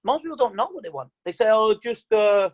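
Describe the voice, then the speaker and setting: Man, mind coach, animated and chatty, online seminar. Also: sits high, a little fast, dull audio. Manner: animated, chatty, quotes people in mock voices. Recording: video call audio.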